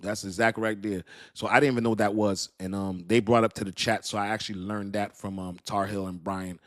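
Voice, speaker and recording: A man hosting a crypto livestream in easy, slangy talk, laughing often and circling back over his own phrases. His voice sits low. The sound is close and dry, with no room around it. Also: steady tone, a little fast, fairly bright tone, dry recording. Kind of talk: casual livestream chat.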